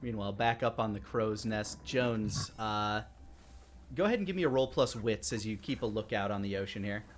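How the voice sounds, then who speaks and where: A man's voice: lowish voice, moderate pace, a little hiss or hum. A man narrating a tabletop pirate game as game master, loose and hesitant with many fillers.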